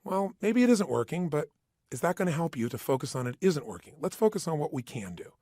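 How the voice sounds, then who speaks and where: A man's voice: fairly high pitch, very animated, fairly quick, dark tone, no echo, studio quality. A man giving an emphatic motivational talk, acting out the voices in people's heads. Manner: emphatic, acts out inner voices. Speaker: motivational speaker.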